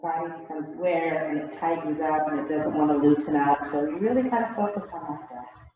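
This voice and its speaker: A woman's voice: low-pitched, fairly quick. Female yoga instructor, slightly winded, casual coaching, distant mic, big studio echo, dull sound. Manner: relaxed, chatty, laughs at herself. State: out of breath. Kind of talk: guided yoga class instruction.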